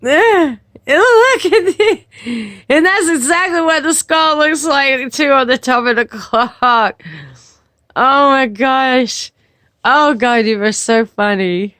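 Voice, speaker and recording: A woman's voice: high-pitched, fairly even intonation, takes it slowly, bright, forceful tone, no echo, studio quality. A woman in a casual vlog, giggly and gushing as she talks aloud to God.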